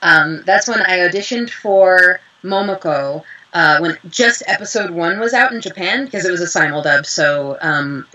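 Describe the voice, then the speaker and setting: A young woman, a voice actress, chatting in an interview and telling lively stories with acted-out quotes. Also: fairly low pitch, muffled recording. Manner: animated storyteller, acts out quotes. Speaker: voice actress guest. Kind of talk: casual interview chat.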